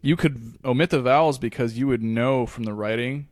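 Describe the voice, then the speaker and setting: A man co-hosting a podcast in casual chat, loose and profane and quick to laugh. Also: mid-range voice, no echo, clean studio sound. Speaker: podcast co-host.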